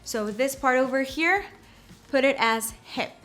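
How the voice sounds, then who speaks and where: Slow-talking young woman giving a how-to. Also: high-pitched, fairly bright tone, soft background music. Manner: slow, repeats words and checks in with "okay?". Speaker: shapewear presenter. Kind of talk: casual how-to demonstration.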